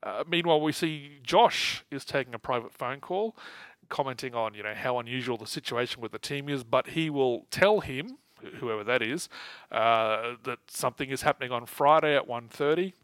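A man's voice: medium pitch, lively intonation, normal speed, fairly bright tone, clean tone, no room sound, low-quality recording. A man co-hosting a podcast, recapping comic issues in casual chat with wry asides and frequent laughter. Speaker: podcast co-host.

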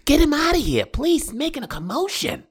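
A man's voice: very high voice, wildly swooping pitch, brisk, pitched above the performer's own voice, exaggerated voice. Man doing a wailing nail salon lady. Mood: pleading. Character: uncomfortable middle-aged nail salon woman.

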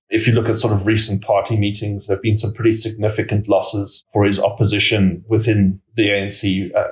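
A political risk analyst appears as a guest, offering conversational expert commentary in a low-ish voice. He explains his analysis in a measured way, hedging often and padding sentences with fillers. A noticeable roomy echo colors the recording.

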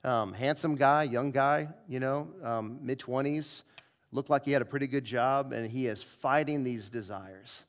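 Guy preaching at a revival, tells stories and does everyone's lines, mid-pitched voice. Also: unhurried. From southern United States. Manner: animated storyteller acting out dialogue. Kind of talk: revival sermon with storytelling.

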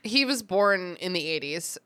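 A woman's voice: lowish voice, animated, unhurried, a bit bright. A woman co-hosting a podcast, chatting casually about a book, laughing and swearing as she talks. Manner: laughing, swearing, slips into goofy voices. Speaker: podcast co-host. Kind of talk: casual book-discussion chat.

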